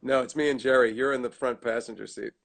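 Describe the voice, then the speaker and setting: A middle-aged man telling animated stories in a casual chat over a video call, laughing often. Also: mid-range voice, fast talker, vocal fry. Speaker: guest actor. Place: at home.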